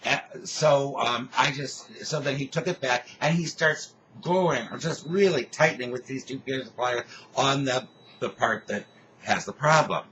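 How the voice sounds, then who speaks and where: A man co-hosting a casual chat show, retelling a story in a rambling, animated way with many restarts. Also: mid-range voice, a little slow, dull audio, slight background noise. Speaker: podcast co-host.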